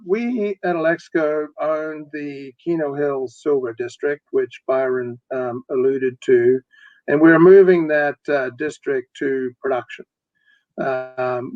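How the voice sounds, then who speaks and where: A man with a New Zealand accent, a mining company executive, speaking in a measured way with many pauses and fillers. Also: on the high side, no room sound. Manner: measured, with many ums and uhs. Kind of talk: business presentation on a panel. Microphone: video call. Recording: dry, muffled video call audio.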